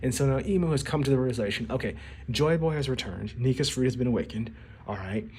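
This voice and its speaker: A man's voice: medium pitch, fast talker, darkish tone, slight background noise. Rambling male anime commentator. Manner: rambling, restarting words, acting out quotes. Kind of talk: casual video commentary.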